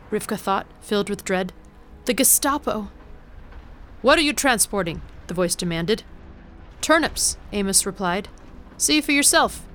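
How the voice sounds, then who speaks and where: A woman narrating a story in a steady reading voice, lifting her pitch for the characters' lines. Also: a little hiss or hum.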